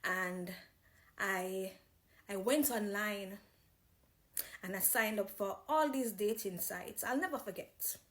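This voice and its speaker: Jamaican woman, testimony speaker, unhurried, pausing and restarting as she recalls. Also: medium pitch, fairly bright tone. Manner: slow, reflective, with pauses and restarts. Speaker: person giving a testimony. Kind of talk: personal faith testimony.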